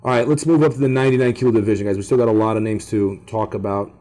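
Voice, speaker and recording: A man's voice: on the low side, steady tone, very fast, dark tone. A man co-hosting a podcast, talking casually and rambling, full of fillers like "man". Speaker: podcast co-host. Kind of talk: casual chat.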